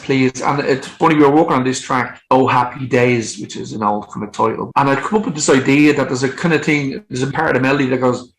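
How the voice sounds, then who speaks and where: A man in his fifties, a songwriter guest telling lively anecdotes in casual chat and acting out what people said. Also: medium pitch, poor audio. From Ireland. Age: 50s. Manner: animated, acts out quotes, frequent swearing.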